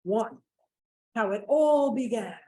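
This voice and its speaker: A woman reading her own poems aloud as a featured poet, delivering short lines in a deliberate, measured way with pauses between them. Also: a little high, animated, a little mellow. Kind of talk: poetry reading. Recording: echoey room.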